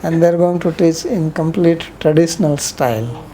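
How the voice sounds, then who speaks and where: Lady giving a scripture talk, chatty and rambly, kinda low voice, little bit of hiss. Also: normal speed, mellow, low-quality recording. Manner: rambling, conversational, frequent "you know" asides. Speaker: scripture lecturer. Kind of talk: storytelling lecture on scripture.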